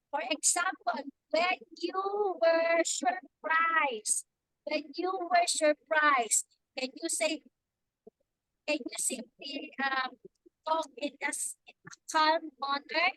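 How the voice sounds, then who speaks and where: A young woman teaching a grammar lesson, talking slowly and patiently and repeating her questions to the students. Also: high-pitched, bright, forceful tone, no echo, rough recording.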